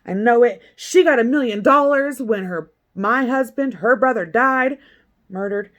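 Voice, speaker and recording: Woman quoting an angry accusing woman, heated, insistent, higher pitched. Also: lively intonation, normal speed, darkish tone, lightly acted. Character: angry woman accusing her sister-in-law.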